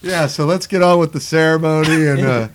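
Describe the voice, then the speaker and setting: A man's voice: on the high side, fairly quick, slight background noise. A man in casual chat, retelling a movie scene by scene, acting out the lines and swearing as he laughs along. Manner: animated, acts out scenes, swears, laughs a lot.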